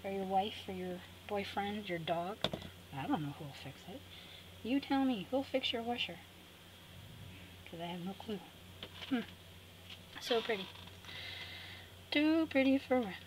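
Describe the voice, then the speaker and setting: A woman's voice: mid-range voice, lively intonation, unhurried, long pauses. A woman hosting a craft tutorial, chatting to viewers and talking herself through the steps with cheerful asides. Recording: clear background noise.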